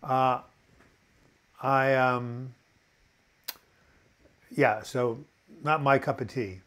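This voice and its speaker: A man's voice: medium pitch, steady tone, slow, long pauses, a bit bright. Rambling, earnest man hosting a live chat. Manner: rambling, reads viewer comments aloud, frequent fillers and restarts; encouraging, earnest. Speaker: live-chat host answering viewer questions. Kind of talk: casual unscripted live chat.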